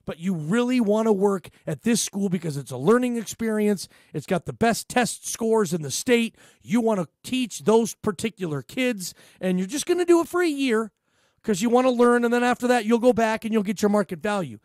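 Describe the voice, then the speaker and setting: Speaking at a moderate pace in a high register, a male sports radio host rambles animatedly into his studio microphone. The monologue is full of fillers and restarts, and there's no echo.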